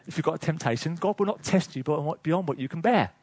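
Male preacher, sermon; high husky voice, chatty storytelling with chuckles. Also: fast talker, no room sound. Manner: lively storytelling with chuckles, asides to the congregation.

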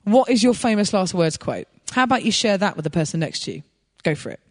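A woman preaching a sermon, telling a personal story in an animated way and laughing as she goes. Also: mid-range voice, quick pace, long reverb tail.

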